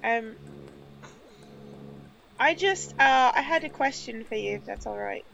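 High, gravelly-edged woman, slow and lively. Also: low-quality recording. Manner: hesitant, many ums. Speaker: player. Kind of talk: casual tabletop play.

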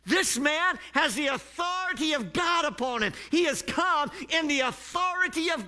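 A man preaching a sermon, stretching key phrases and building up to shouted passages. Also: extremely high pitch, lively intonation. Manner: drawn-out emphatic phrasing.

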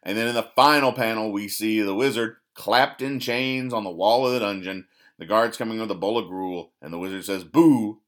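A man hosting a podcast, recapping comic strips in a rambling, deadpan way, stumbling and correcting himself as he dryly explains each joke. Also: fairly low pitch, a little fast. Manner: rambling, self-correcting, dry sarcastic explanations. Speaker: podcast host.

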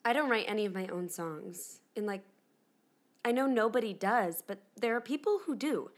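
A woman's voice: medium pitch, lively intonation, moderate pace, close to an everyday voice. An actress playing a candid, rattled young female pop star in her twenties, rambling with lots of "like" in a dramatic monologue. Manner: chatty, rambling, lots of "like" fillers. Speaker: actor in an audio drama.

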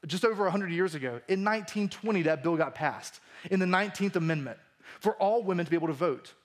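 A man preaching a conversational sermon as pastor in a church, swinging between emphatic lines and hushed ones. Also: high-pitched, lively intonation, fast talker.

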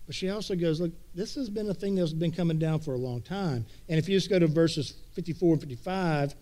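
A man preaching a sermon with a slightly high-pitched voice. He talks in a relaxed, conversational way and retells the scripture in casual everyday words. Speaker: pastor.

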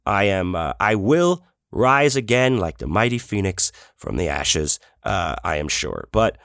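Sick male podcast host, middle-aged, low scratchy voice, dry close sound, rambling and profane. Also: big pitch swings, unhurried, vocal fry, few pauses, fairly bright tone, no room sound. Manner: rambling, profane, self-deprecating. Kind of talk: casual solo podcast chat. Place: home office desk.

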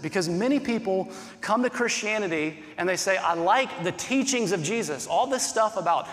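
A man's voice: high voice, big-room sound. A male pastor preaching a sermon in an earnest, conversational way, asking many rhetorical questions.

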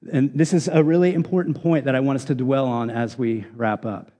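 A man delivers a sermon in an earnest, emphatic teaching voice that sits a bit high for a man. He often restarts his phrases as he presses a point. The sound carries the long reverb of a large hall. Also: lively intonation, normal speed, dark tone. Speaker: pastor.

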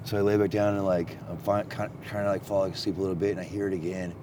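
A deep-voiced man from Texas tells a long story fast, in a casual, rambling, profane way, with noise in the background. He gets animated whenever he grows excited.

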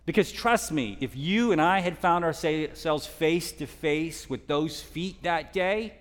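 A man's voice: a little high, slow, hardly any pauses. Man preaching in a reverberant hall. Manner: dynamic storytelling, dropping to hushed tones and rising for emphasis. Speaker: guest preacher. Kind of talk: sermon storytelling. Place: church hall.

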